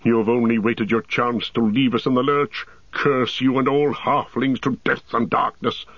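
A man's voice: medium pitch, fairly even intonation, normal speed, no echo, lightly acted. A man voicing a proud, volatile tall warrior who speaks in an impassioned, declamatory way. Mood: furious. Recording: dull, dry audiobook recording.

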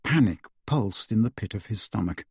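A man narrating an audiobook in an expressive, measured storytelling voice on a close studio mic. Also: lowish voice, gravelly, slightly rough, no room sound.

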